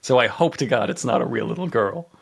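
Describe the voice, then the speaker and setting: A man co-hosting a comedy podcast, talking in a sarcastic, mocking, animated way. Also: medium pitch, quick pace, creaky, husky. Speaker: podcast co-host. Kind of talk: casual comedic chat.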